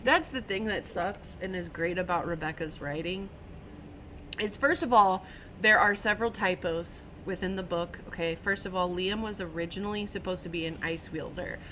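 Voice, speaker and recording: Animated woman telling a story, laughing. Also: on the low side, moderate pace, a little hiss or hum. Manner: animated, laughing storyteller who acts out quotes. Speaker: stream podcast host. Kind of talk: casual chat.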